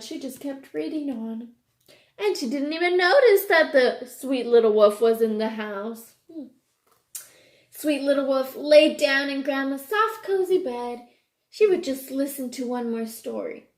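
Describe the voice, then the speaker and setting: A woman reading a picture book aloud to children, expressive and stopping to ask her listeners questions. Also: fairly high pitch, roomy sound. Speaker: reader to children.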